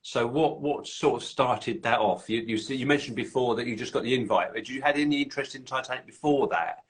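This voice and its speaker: A man's voice: medium pitch, fairly quick. A man hosts the interview and puts his questions to the guest in a plain, mid-range voice. He often stumbles and repeats a word before he gets the question out. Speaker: podcast host.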